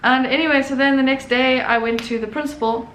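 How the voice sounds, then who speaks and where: A woman's voice: sits high, brisk, slight background noise. Woman telling a story in an echoey room. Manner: animated, acts out quotes. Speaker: artist and channel host. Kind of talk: casual storytelling vlog.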